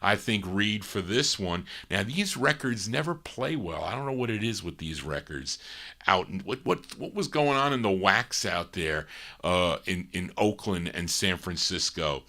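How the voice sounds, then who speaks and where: Slow-talking rambling male record show host. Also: low voice, animated, sharp tone. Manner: rambling, digressive, chuckles to himself. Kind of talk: casual live record show chat.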